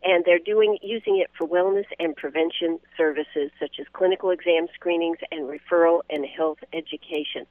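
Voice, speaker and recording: A man hosting a live radio remote from a golf tournament, talking in a fairly high voice for a man. He is chatty and promotional and leans on filler words. The sound is tinny and phone-like, very dry, with no room sound. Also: steady tone, normal speed, few pauses, no room sound. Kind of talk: live on-site radio chat. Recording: tinny phone-line audio.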